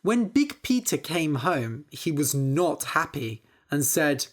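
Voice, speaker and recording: A woman narrating a simple story for English learners, clear and deliberate. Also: low-pitched, big pitch swings. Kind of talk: slow scripted story narration.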